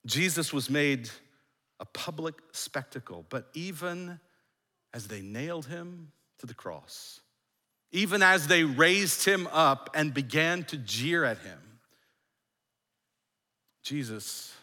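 Male pastor delivering a sermon, slow, emphatic, with hushed dramatic drops. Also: on the high side, animated, in a large hall.

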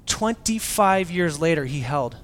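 Animated male pastor, slightly high voice. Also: measured pace, a little hiss or hum. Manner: animated, swings from loud to near-whisper, acts out quotes; casual, joking preaching. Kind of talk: sermon.

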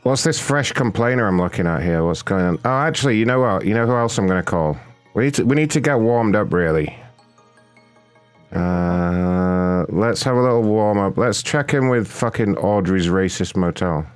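A man's voice: on the low side, animated, moderate pace, smooth, dry recording, soft background music. A man hosting a prank call livestream, chatting casually, swearing and laughing as he jokes. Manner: profane, laughing, joking. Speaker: host of a prank call show.

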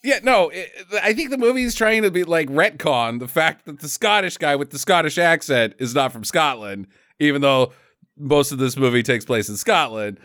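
Bright, animated man riffing on a film. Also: a little high, normal speed, no room sound, clean studio sound. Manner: profane, laughing, jokey impressions. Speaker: podcast co-host. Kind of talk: casual movie riff chat.

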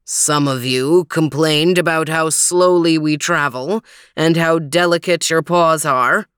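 A woman's voice: sits low, takes it slowly, fairly bright tone, clean tone, no room sound, clean studio sound. A woman voicing a bossy, overweight male dog who leads the group in a storybook reading.

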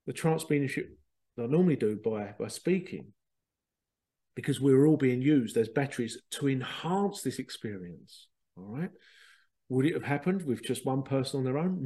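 A spiritual medium and podcast host with a medium-pitched, husky voice casually tells a rambling, excitable story. He repeats himself and swears now and then.

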